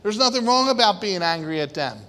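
Impassioned high-voiced preacher in a reverberant hall. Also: male voice, animated, brisk. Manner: impassioned, swinging from quiet to shouting. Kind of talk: sermon.

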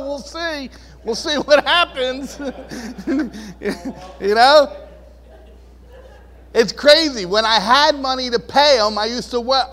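A man's voice: fairly high pitch, a bit bright. A man preaching a casual, conversational sermon, chuckling often and acting out the voices he quotes. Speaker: pastor. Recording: long reverb of a large hall.

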